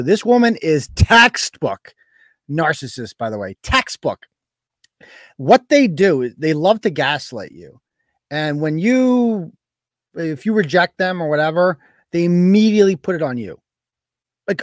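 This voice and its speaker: A high-voiced male host whose pitch jumps all over as he rants on a live stream. His commentary is sarcastic and profane, delivered close to a dry mic with no room sound. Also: very animated, measured pace, long pauses, dry recording. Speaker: show host.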